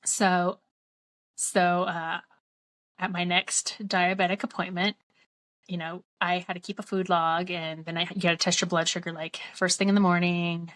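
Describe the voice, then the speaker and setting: A woman's voice: lowish voice, flat delivery, normal speed, a bit bright. A woman vlogger earnestly telling a personal story, quoting both sides of a conversation as she goes.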